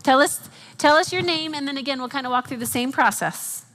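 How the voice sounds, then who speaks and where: A woman leads a live workshop from the stage, her fairly high voice carrying through a reverberant hall. She coaches with energy and voices the questions people ask themselves as she works through them. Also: a little fast. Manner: animated, coaching, acts out inner questions. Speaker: speaker and workshop facilitator. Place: event hall with audience.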